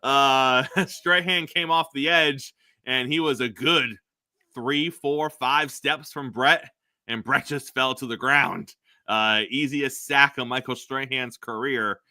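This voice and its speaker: A man's voice: medium pitch, slow, sharp tone, no echo. A man co-hosting a sports podcast, chatting casually with many fillers and frequent laughs.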